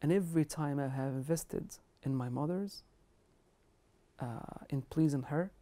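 A woman's voice: deep voice, measured pace, warm tone. Earnest woman giving an Islamic lecture. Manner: earnest, emphatic, quotes Arabic scripture and scholars. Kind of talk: religious lecture on kindness to parents.

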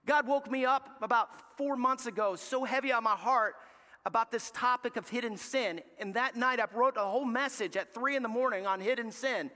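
A man preaching a sermon as pastor, telling a family story with lively acted-out dialogue. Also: extremely high pitch, normal speed. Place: large church sanctuary. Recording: live church hall reverb.

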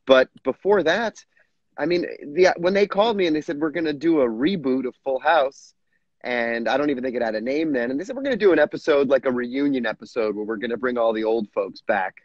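A man's voice: medium pitch, expressive, a little fast, no room sound. Chatty middle-aged man on a muffled video call. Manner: chatty storyteller, laughs often, frequent restarts. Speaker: guest actor. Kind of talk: casual interview chat.

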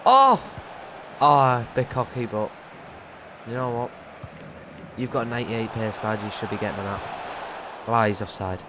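A young man giving live commentary over his own football video game play, muttering remarks and bursting into loud shouts when something happens. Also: on the low side, moderate pace, pauses often, background noise. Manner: excitable, loud outbursts between muttered remarks. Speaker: gaming streamer.

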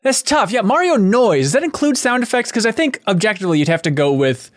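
Excitable high-voiced male podcast host. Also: dry recording, clean studio sound. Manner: excitable, quick to react. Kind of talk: casual chat.

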